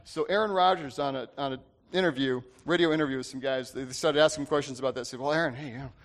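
A man's voice: medium pitch, fast. A man preaching a casual sermon, talking to the congregation conversationally, often checking in with "right?" and restarting his sentences. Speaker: pastor.

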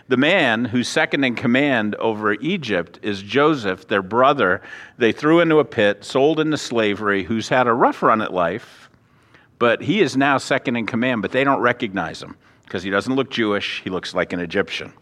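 A man preaching a sermon as a pastor, conversational with self-deprecating asides and acting out the characters' voices. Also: mid-range voice. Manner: animated, acts out the characters' voices. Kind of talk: expository sermon. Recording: reverberant hall.

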